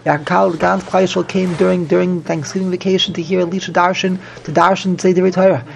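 A man teaching a Talmud class, an animated, repetitive, joking storyteller who mixes in Hebrew and Yiddish terms. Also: high voice, fast talker, vocal fry. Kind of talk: Daf Yomi Talmud class.

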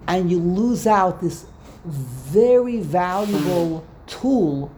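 A man's voice: high voice, animated, drawn-out words, mellow, slight background noise. A man casually teaching a class, rambling and repeating words as he tells stories. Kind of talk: casual Torah discussion.

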